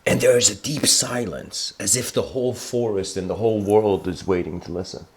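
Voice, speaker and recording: A man giving a livestreamed spiritual talk, telling stories reflectively and slowing down for emphasis. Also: on the low side. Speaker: spiritual lecturer.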